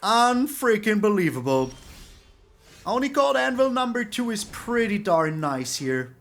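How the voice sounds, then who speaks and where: A man giving excitable gameplay commentary on a card game, exclaiming and repeating words for emphasis. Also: high voice, a little slow. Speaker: streamer playing a card game.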